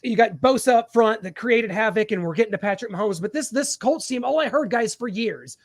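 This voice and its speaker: A man hosting a sports podcast, animated and emphatic, laughing often as he riffs. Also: high voice, a little fast, dry recording. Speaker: podcast host. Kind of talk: casual sports chat.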